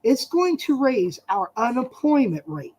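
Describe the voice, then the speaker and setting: A woman's voice: on the high side, sing-song, a little slow, a crowd in the background, rough recording. A woman hosting a heated casual chat, blunt and combative, pressing the others with pointed questions.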